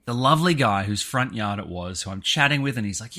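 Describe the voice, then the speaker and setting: A man co-hosting a podcast, telling a story in casual chat, animated and full of swings in pitch. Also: fast talker. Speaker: podcast co-host.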